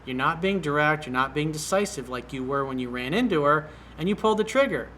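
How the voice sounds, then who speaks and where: A man's voice: a little high, animated, brisk, sharp tone, slight background noise. A man working as a dating coach, reading out and answering a viewer's email in a blunt, direct way.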